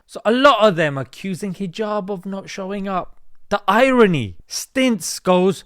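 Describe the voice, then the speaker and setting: A man delivers sarcastic reaction commentary with a fairly high, lively voice that jumps around as he mocks what he reads. The sound is dry and close, with no room echo. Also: measured pace, clear, resonant tone. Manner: sarcastic, laughing, reads posts aloud in mocking voices.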